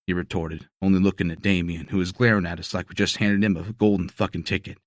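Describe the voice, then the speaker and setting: A man's voice: low-pitched, steady tone, brisk, no room sound, clean studio sound. A man narrating a first-person romance audiobook in a gritty, profane storytelling manner.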